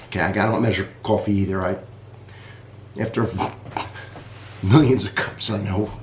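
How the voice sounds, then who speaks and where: Man, coffee reviewer, low-pitched, chatty and rambling, echoey room, faint hum. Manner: chatty, rambling, friendly asides to viewers. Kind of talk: casual vlog review.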